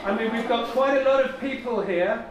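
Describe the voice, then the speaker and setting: A man leading a conference audience through an energetic voice warm-up, coaxing and theatrical, laughing often. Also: very high voice, normal speed, dull audio, crowd noise. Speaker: plenary speaker leading a voice warm-up. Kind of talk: leading a group vocal exercise at a conference. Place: large conference hall. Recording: very echoey hall, mic far off.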